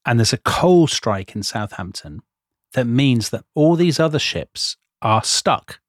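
A man's voice: mid-range voice, expressive, no room sound, studio quality. Teasing man co-hosting a history chat. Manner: teasing, anecdotal, quick with asides. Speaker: podcast co-host. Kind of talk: casual history podcast chat.

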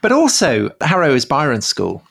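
A man's voice: medium pitch, wildly swooping pitch, normal speed, vocal fry, a bit bright. A man co-hosting a history discussion, adding wry conversational asides. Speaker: podcast co-host.

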